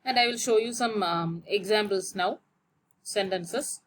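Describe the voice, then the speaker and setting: Slow, careful woman teaching grammar. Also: mid-range voice, fairly bright tone. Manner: slow, explains step by step and spells out letters. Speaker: French teacher. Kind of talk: grammar lesson.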